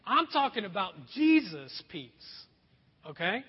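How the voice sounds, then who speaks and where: A man preaches a sermon to his church, his voice high and a little husky. He slips into playful put-on voices to make his points. The sound is muffled and rings with the long echo of a large hall. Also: a little slow. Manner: animated, acts out voices for laughs. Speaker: pastor. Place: church sanctuary. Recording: echoey hall, dull sound.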